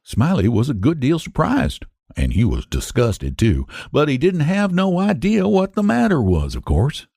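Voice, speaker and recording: Man reading a folksy tale with lively pitch. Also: moderate pace, vocal fry, slightly rough, no echo, clean studio sound. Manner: folksy storytelling in rural dialect. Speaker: story reader. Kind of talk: reading a classic short story aloud.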